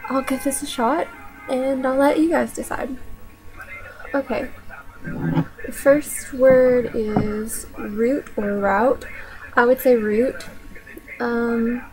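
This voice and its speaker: A woman's voice: fairly high pitch, low-quality recording. A young woman from Tennessee with a Southern accent, talking casually and hesitantly in an accent challenge vlog. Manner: unhurried, hesitant, with many fillers.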